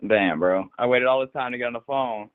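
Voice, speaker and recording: A man's voice: mid-range voice, fairly quick, clear, resonant tone. A laid-back man in his twenties talks through a tinny phone line in a mid-range voice. He speaks in casual slang and keeps an easy tone. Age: 20s. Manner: laid-back slang, calls everyone bro. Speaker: caller.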